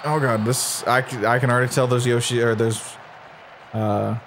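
A man co-hosting a couch gaming session, excitable and quick to laugh. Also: background noise. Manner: excitable, laughs a lot, yelps high. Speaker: let's play co-host. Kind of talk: casual gaming banter. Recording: game music behind.

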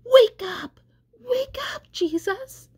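A woman voicing a remorseful, proud male tree in a storybook reading, with high, strained cries. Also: slow pace, a little mellow. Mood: panicked pleading.

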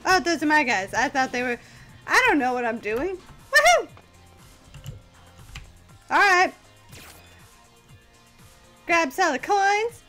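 A young woman hosting a gaming channel, giving excitable, playful, self-mocking let's-play commentary. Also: sits high, normal speed, faint music behind.

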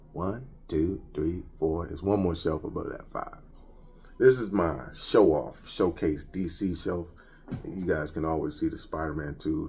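A man chatting casually while showing off his toy collection at home, joking and slangy and quick to laugh. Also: sits low, background noise. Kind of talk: casual unboxing chat. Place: home collection room with shelves.

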